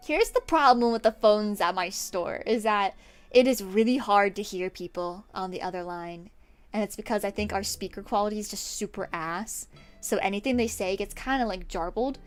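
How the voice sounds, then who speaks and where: A woman's voice: medium pitch, moderate pace, faint music behind. A young woman streamer rambling through a work story while she draws, swearing freely and answering chat as she goes.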